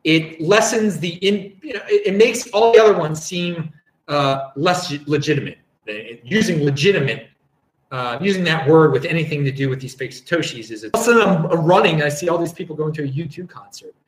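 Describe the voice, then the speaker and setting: A man's voice: fairly high pitch, fairly quick, reverberant, poor audio. A man hosting a casual live-streamed show, rambling and chatty as he reads out viewer comments. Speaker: show host.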